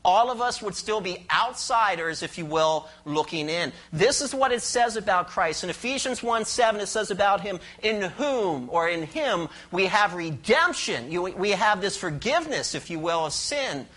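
A pastor preaching a sermon, expressive and questioning the congregation, explaining scripture verse by verse. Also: medium pitch, normal speed, few pauses. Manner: explains Greek words and cites verses.

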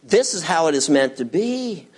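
Animated preacher man with lively pitch. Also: unhurried. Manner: animated preaching, acting out quoted voices. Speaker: pastor. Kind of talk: sermon.

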